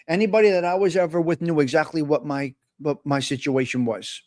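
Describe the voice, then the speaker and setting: A man hosts a live chat stream. His voice sits high, and he rants excitably with plenty of profanity. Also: brisk. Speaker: host.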